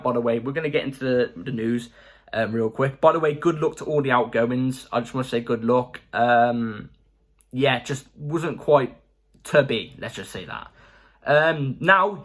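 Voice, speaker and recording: A man talking in a casual, chatty fan vlog as the channel host, excitable and full of fillers. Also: mid-range voice.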